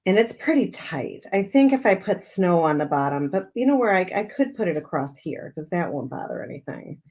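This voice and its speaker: A cheerful, chatty woman talks through a craft project on a live stream, thanking viewers by name and laughing easily. Her voice sits a little low for a woman, and her talk is relaxed, home-made and friendly. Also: a little fast, slightly rough. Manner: bubbly, chatty, reads viewer comments aloud, laughs often. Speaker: mixed media artist hosting a live craft stream. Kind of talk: casual live-stream chat while crafting.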